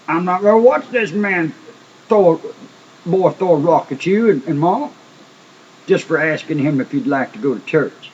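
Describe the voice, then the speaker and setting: A man's voice: a little high, normal speed, a little mellow, slightly rough. A man telling a testimony in an emphatic, folksy sermon style, often repeating words. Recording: dull lo-fi recording with faint noise.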